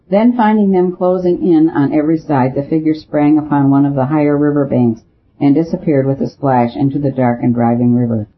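A man reading an audiobook as narrator, with a steady, even storytelling delivery. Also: on the high side. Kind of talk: scripted narration. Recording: tinny phone-like audio.

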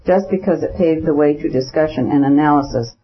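A man narrating a classic novel in a measured, even storytelling manner. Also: on the high side, a little hiss or hum. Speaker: audiobook narrator. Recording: dull lo-fi recording.

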